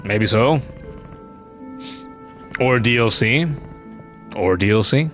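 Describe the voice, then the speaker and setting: A man's voice: medium pitch, lively intonation, slow pace, a bit bright, soft background music. A man giving casual, chatty commentary while streaming a game, cursing now and then and reading chat comments aloud.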